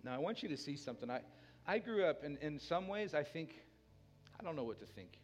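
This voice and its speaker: A pastor preaching a sermon with a dynamic delivery, dropping to a hushed tender voice and rising loud again. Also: male voice, on the high side, animated, brisk, soft background music.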